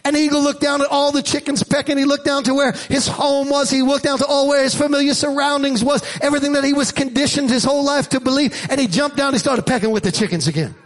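A male pastor delivering a sermon with emphatic, rhythmic preaching. His voice sits very high for a man. He keeps calling out to the congregation to answer back. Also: fairly even intonation, fast talker, hardly any pauses.

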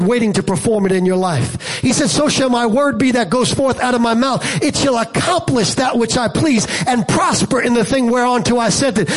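Preaching as a pastor, this man is emphatic, dropping into hushed anecdotes and then building to loud high points. There is a breathy edge to his voice, and he uses humor and rhetorical questions aimed at the congregation.

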